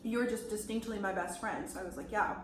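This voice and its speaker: Fast-talking young woman, upbeat banter. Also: mid-range voice, background noise. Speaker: co-host friend. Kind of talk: casual mukbang chat. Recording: echoey room.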